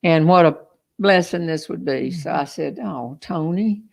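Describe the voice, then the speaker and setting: A woman's voice: low voice, normal speed, creaky, darkish tone. An older woman with a Southern US accent, hosting a casual, teasing, folksy chat on a back porch. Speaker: host.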